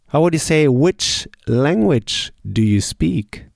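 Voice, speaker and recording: Slow, careful language teacher man. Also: a little high, expressive, gravelly, darkish tone, no room sound, studio quality. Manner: asks a question, pauses, then says the answer slowly. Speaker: German teacher. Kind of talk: slow drill lesson.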